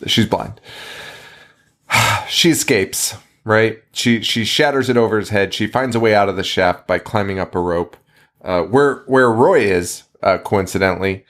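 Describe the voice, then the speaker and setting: A man's voice: lowish voice, unhurried, fairly bright tone. A man hosting a podcast, casually retelling a film's plot while laughing often, swearing and restarting his sentences. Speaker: podcast host. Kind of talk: casual movie recap.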